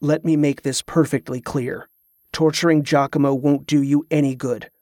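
A man voicing a cool, defiant male prisoner who speaks calmly and levelly, in an audiobook. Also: on the high side, moderate pace, dry recording, clean studio sound, lightly acted. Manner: calm, level.

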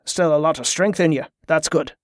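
A man's voice: a little high, normal speed, dry recording, studio quality, natural voice. A reader voicing a burly, kindly man with old-fashioned, hearty speech.

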